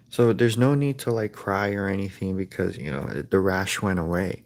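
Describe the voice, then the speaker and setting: Male streamer, lowish voice, deadpan rambling comic host, mock-ad patter. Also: normal speed, hardly any pauses. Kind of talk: improvised comedic livestream rant.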